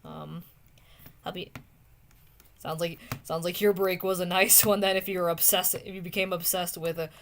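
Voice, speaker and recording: A woman's voice: fairly low pitch, fairly even intonation, normal speed, a little hiss or hum. Chatty young woman streaming her drawing. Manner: chatty, talks to viewers by name, mutters softly to herself while drawing. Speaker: streamer drawing art requests. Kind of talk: casual chat while drawing on stream.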